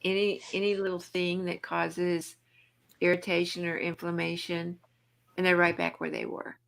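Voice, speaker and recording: A woman with a low, rough voice, chatting casually as a guest on a livestream. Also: monotone, normal speed, fairly bright tone. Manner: chatty, worried about her voice after illness.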